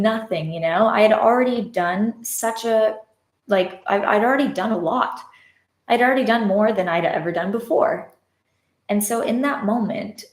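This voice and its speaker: A woman's voice: medium pitch, a little mellow. Casual woman host, reflective and candid, recorded on a phone in an echoey room. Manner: candid, reflective storytelling with frequent "like" fillers. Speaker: podcast host and love coach. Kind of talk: casual live-stream monologue. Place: indoors at home, live on social media.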